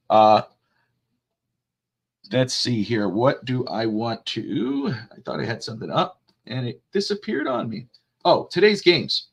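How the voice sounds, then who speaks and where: Lively, bright-voiced male sports host. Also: medium pitch. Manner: rambling, jokey, quick to laugh. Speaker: podcast host. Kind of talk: casual sports talk show.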